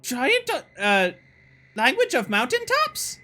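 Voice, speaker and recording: A woman voicing a young male cave goblin who is timid and speaks in halting, broken words. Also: huge pitch swings, bright, forceful tone, exaggerated voice. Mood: squeaky, timid. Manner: squeaky, halting broken speech.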